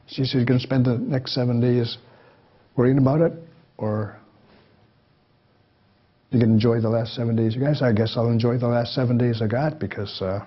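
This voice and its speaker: A man's voice: medium pitch, slightly rough, lo-fi sound. A man in his sixties telling folksy personal stories to a live audience, acting out the voices of the people in them. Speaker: guest speaker. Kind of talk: storytelling talk to a live audience.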